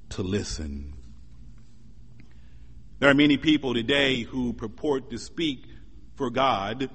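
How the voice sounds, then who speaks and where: A man preaching a sermon as pastor, measured and emphatic, building up through repeated lines. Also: medium pitch, a bit bright, husky, big-room sound.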